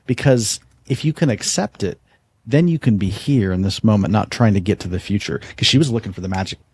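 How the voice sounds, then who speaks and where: A man hosts a podcast, his voice low, gravelly and a little husky. He tells a long story earnestly, restarting and repeating words as he goes. The recording is dry and close to the mic. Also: fairly quick, a little mellow, dry recording. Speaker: podcast host. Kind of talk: casual conversation, storytelling.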